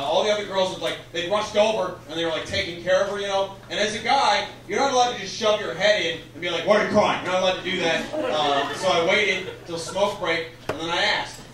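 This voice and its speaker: A man's voice: fairly high pitch, fairly bright tone, slight background noise. A young man from Canada doing a stand-up comedy set, rambling and self-deprecating and then building into exasperated rants. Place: comedy club stage with audience. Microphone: handheld stage mic, filmed from far in the room. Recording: echoey club recording from far off.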